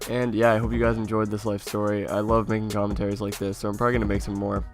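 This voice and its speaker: A young man with a lowish voice tells a childhood story in a loose, chatty vlog style. He laughs often and swears now and then. Faint music plays underneath. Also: very fast. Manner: laughing through an animated anecdote, casual swearing. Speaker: YouTuber.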